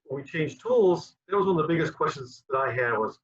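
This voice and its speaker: The QA director, a guest in a conversational interview, sounds a little high, animated, brisk and husky. He rambles and repeats himself often, all captured in dull lo-fi sound.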